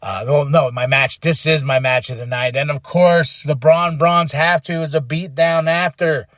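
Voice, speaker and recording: A fairly high-voiced man hosts a podcast recap, talking fast and animated and acting out what people said. He now and then breaks into excited shouts. The sound is close and dry. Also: no echo. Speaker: podcast host reviewing wrestling.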